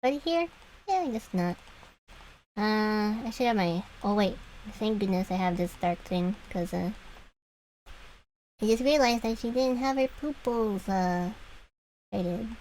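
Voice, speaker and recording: A woman's voice: medium pitch, darkish tone, slight background noise, poor audio. A young woman streamer chatting casually with viewers while she draws, rambling and laughing often. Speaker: vtuber streamer.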